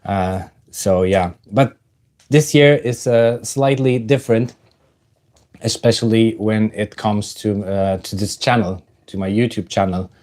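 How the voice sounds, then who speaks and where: Slow, halting man hosting a livestream. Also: on the low side, steady tone, a little mellow. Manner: halting, many fillers, greets chat viewers. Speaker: livestream host. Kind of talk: casual livestream chat.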